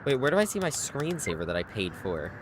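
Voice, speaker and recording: A game streamer in casual live-stream commentary, chatty and playful, reacting out loud to the game. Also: medium pitch, very animated, fairly quick, background noise. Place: home streaming setup.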